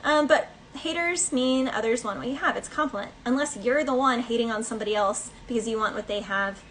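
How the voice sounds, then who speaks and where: A woman's voice: on the high side, fast, fairly bright tone, a little hiss or hum, rough recording. A woman giving a casual collective tarot reading, chatty and rambling, with many fillers and snatches of song. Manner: breaks into bits of song. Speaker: tarot reader.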